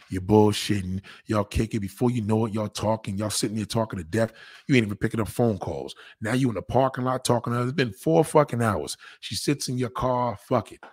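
A man delivering a crude, profane comic rant, animated and acting out the people he talks about. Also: medium pitch, breathy edge. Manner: profane, animated, acts out voices. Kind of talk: crude stand-up style rant.

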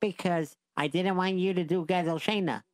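A woman's voice: lowish voice, fairly even intonation, normal speed, dry recording. A woman chatting with a storyteller, asking questions and interrupting playfully.

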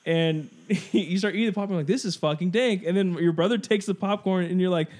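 A man's voice: high-pitched, fairly even intonation, a little fast, darkish tone. A young man hosting a podcast, telling self-mocking stories in casual chat and laughing often. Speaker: podcast host.

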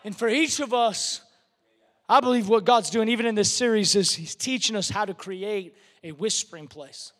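A man's voice: sits high, normal speed, a bit bright. A man preaching a sermon, emphatic and given to repeating words as he builds a point. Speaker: pastor. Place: large church hall. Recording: long hall reverb.

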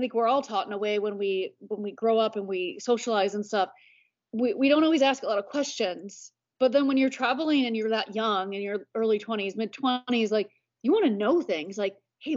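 An American woman in her thirties, with a fairly high voice, chats casually as a guest on a podcast. She rambles warmly and peppers her talk with lots of "like." The recording sounds a bit dull and lo-fi.

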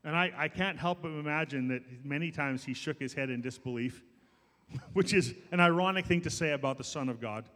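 High-voiced preaching man in a reverberant hall. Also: a bit bright. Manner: emphatic, rhetorical preaching with drawn-out stressed words. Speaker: pastor. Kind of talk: sermon. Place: church sanctuary.

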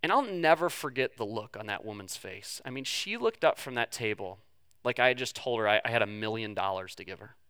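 A man preaching to his church, telling a personal story with lively swings in pitch and a softer, hushed tone for the tender moments. His voice is bright and smooth, with a crisp, resonant edge. The recording is dry and close, with little room sound. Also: fairly quick, dry recording. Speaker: pastor. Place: church sanctuary.

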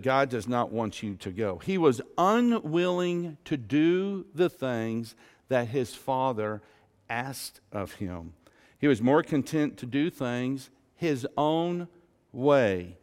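A man preaching a sermon as pastor, slow and emphatic, asking the congregation rhetorical questions. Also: mid-range voice, long reverb tail. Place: church sanctuary.

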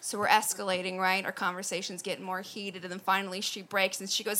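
A woman from Wisconsin doing stand-up and emceeing at a comedy club, self-mocking and animated, on a stage mic. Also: mid-range voice, quick pace, few pauses, a little hiss or hum.

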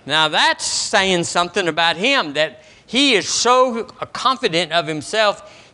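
A man's voice: fairly high pitch, takes it slowly. A man preaching a sermon as a pastor, throwing questions to the congregation. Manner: animated preaching, quizzes the congregation. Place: church service.

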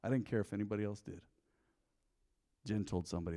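A middle-aged man preaching a sermon in a church, telling candid stories from his own life and building to a loud, fervent prayer. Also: lowish voice, quick pace. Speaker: pastor. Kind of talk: sermon with personal testimony. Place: church sanctuary. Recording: long church hall reverb.

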